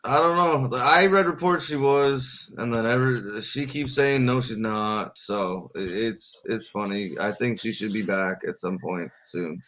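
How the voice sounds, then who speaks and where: A man's voice: fairly low pitch, measured pace, few pauses, a bit bright. Easygoing man co-hosting a stream. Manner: easygoing, rambling with fillers. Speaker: co-host. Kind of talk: casual live-stream chat.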